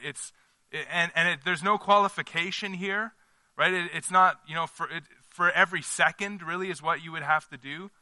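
A man's voice: a little high, bright, forceful tone, no room sound. A man leading a small-group Bible study in a conversational teaching style, putting questions to the group and checking in with them.

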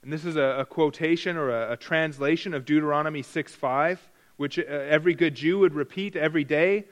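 A man's voice: on the high side, fairly quick. A man preaching a verse-by-verse Bible lesson, stressing key words through repetition and often restarting or correcting himself mid-sentence. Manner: frequent restarts and self-corrections.

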